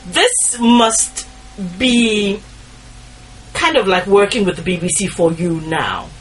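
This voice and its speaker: A woman interviewing a guest in casual talk, animated, agreeing eagerly and laughing often. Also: lowish voice, a little fast, slightly rough. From Nigeria.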